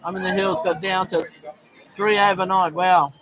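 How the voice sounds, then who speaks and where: Here the Australian streamer, middle-aged, talks at a moderate pace with a high-pitched, level tone. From a crowded bar in Thailand, with chatter all around, he casually reads comments, fills gaps with ums, and greets people by name.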